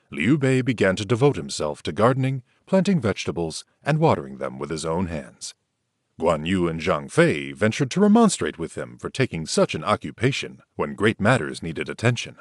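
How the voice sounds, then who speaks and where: Low, animated male audiobook narrator. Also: dry recording, clean studio sound. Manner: lifts pitch and volume for quoted characters. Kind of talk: scripted dramatic narration.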